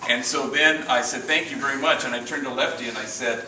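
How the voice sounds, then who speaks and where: A middle-aged man, a priest, telling anecdotes to a live audience in a lively, chuckling storyteller's manner. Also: mid-range voice, fairly quick. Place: large room with a live audience. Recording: roomy, distant and noisy hall recording.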